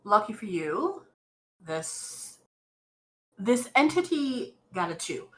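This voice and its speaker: A woman running a tabletop role-playing game as game master, narrating slowly with many fillers and restarts. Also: mid-range voice, very animated, low-quality recording.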